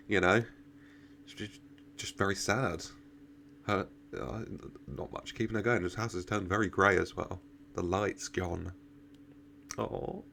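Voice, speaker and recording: A man's voice: sits low, creaky, a bit bright, a little hiss or hum. A man giving casual reaction commentary, chatting, laughing often and talking back to the characters on screen. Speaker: reaction video host.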